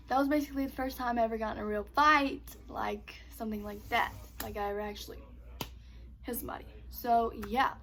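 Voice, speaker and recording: A young woman telling a casual storytime vlog, animated, swearing freely and saying "like" constantly. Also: on the high side. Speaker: vlogger.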